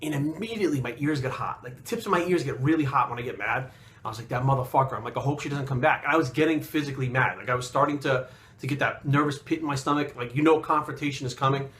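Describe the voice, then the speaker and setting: A man's voice: medium pitch, fast talker, fairly bright tone. A man telling a story in casual talk, blunt and profane, getting heated as he goes. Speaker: fitness coach and bodybuilder.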